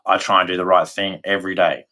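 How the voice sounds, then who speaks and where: A man's voice: sits low, little pitch movement, quick pace, pushed and bright. An Australian man from Australia giving a blunt, rambling opinion rant to camera, swearing freely. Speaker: vlogger.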